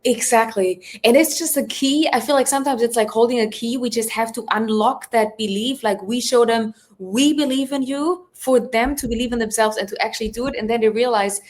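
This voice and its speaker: A woman's voice: on the high side, brisk, hardly any pauses. Podcast guest, woman, mindset coach; enthusiastic, casual, "like"-heavy speech. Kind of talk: casual interview chat.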